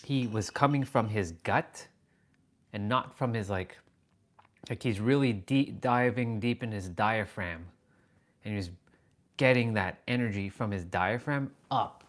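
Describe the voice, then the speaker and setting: A man's voice: on the low side, measured pace. Man chatting animatedly on a livestream. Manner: animated storytelling, reads viewer comments aloud. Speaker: livestream host. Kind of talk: casual livestream chat.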